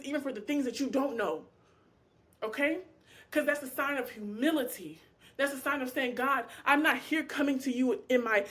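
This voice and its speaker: Woman Bible teacher with a slightly high voice. Impassioned and animated, speaks casually and acts out prayers and dialogue. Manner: colloquial, addresses listeners as y'all. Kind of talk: informal Bible study teaching.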